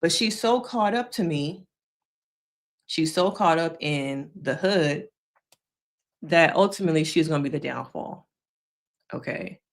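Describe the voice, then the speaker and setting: An opinionated woman gives loose live commentary on a TV season. She has a slightly low voice and keeps checking in with the listener. Her delivery is chatty and frank. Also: lively intonation, measured pace, long pauses. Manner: opinionated, chatty, says "okay?" often. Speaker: therapist reviewing TV shows.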